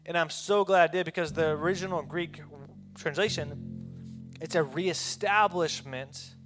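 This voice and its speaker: A man's voice: a little high, unhurried, a bit bright. A man preaching a sermon at a church service, speaking in an earnest, pleading way. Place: church service with a worship band. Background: guitar music.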